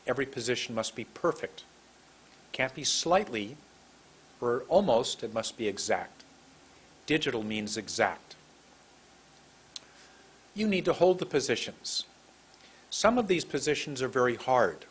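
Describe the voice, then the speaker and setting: A man teaching English pronunciation to camera, speaking in a drawn-out, emphatic way and demonstrating mouth positions. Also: mid-range voice, expressive, breathy edge. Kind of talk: slow deliberate teaching to camera. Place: room with a computer and camera.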